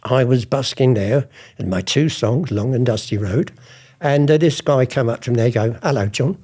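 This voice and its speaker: This older art forger, interviewed as a guest, tells casual, meandering stories full of lively anecdotes and performed quotes. His voice is mid-range and moves at normal speed.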